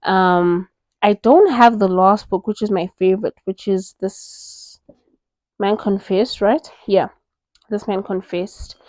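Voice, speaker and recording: Speaking slowly in a mid-range voice, a young woman from South Africa reviews books in a relaxed recommendation vlog. She's animated and effusive about her favorites, using "like" again and again as filler. There's no echo on the audio.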